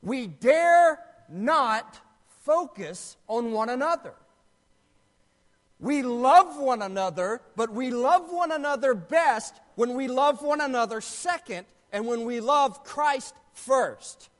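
A male pastor delivers a sermon in a strikingly high voice that swoops lively up and down. He preaches emphatically and asks his congregation questions. His voice rings with the long reverb of a large sanctuary. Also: slow.

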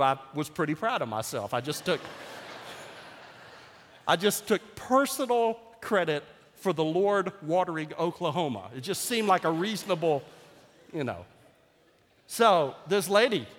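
A man delivers a sermon as pastor in a church sanctuary. His voice sits high and moves with animated swings of pitch. He mixes wry, self-mocking humor with loud, exclaimed declarations, and a long hall reverb trails every phrase. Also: normal speed.

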